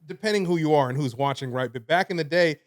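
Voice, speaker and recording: A young man with a high voice tells a story on a casual podcast. He is animated and laughs through his lines. He swears freely and keeps checking in with "right?". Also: fast talker. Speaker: podcast co-host.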